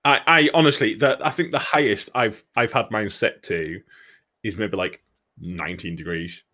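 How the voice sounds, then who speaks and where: A man's voice: on the low side, moderate pace, sharp tone. A man who drives trucks, chatting casually, rambling with frequent restarts and swearing freely. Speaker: truck driver, podcast co-host. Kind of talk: casual chat.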